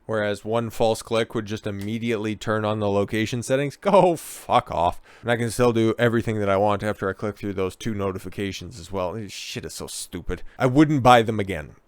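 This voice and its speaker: A man's voice: fairly low pitch, steady tone, fairly quick, hardly any pauses, clean tone, no echo. A man hosting political commentary, ranting in a profane, sarcastic, mocking way.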